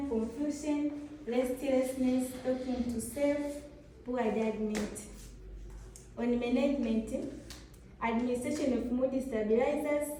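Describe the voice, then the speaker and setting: A woman's voice: high voice, dark tone, a little hiss or hum. A woman, a nursing student, reading a clinical case report aloud in a classroom, listing findings in short clipped phrases. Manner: reads clipped clinical lists, mixes in Swahili. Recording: echoey room from far off.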